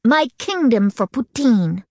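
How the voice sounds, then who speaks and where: A woman's voice: on the high side, very animated, slow pace, darkish tone, dry recording, studio quality, heavily acted. A woman voicing a bold, food-loving teenage tomboy who talks with eager emphasis. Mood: excited. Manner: enthusiastic, emphatic.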